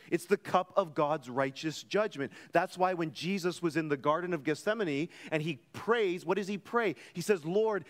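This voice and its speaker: A man preaching from the pulpit with a high, lively voice that rises and falls. He takes his time, leaning on each phrase with emphatic weight. The sound rings out with the long reverb of a church hall. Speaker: pastor. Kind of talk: sermon.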